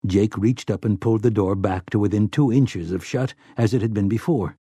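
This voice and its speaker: A man narrating a novel aloud in a steady, brisk storytelling manner. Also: lowish voice, husky, no room sound, studio quality. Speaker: audiobook narrator.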